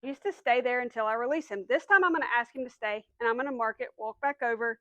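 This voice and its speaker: A woman's voice: on the high side, fast talker, pushed and bright, no echo, poor audio. A woman dog trainer patiently explaining commands step by step, then giving the dog short firm cues. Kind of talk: instructional dog training demo.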